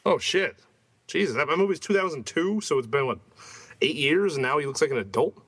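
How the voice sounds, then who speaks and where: A man with a somewhat high voice jokes crudely in casual chat. His voice sounds dry and close, with no room echo. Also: expressive, a little fast, fairly bright tone, husky.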